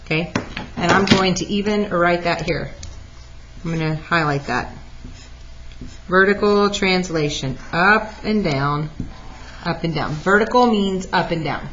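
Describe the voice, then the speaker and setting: A woman teacher walking through a math lesson out loud, lively and talking through each step. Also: lowish voice, a little slow, long pauses, a little hiss or hum. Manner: lively, talks through steps aloud. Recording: dull lo-fi recording.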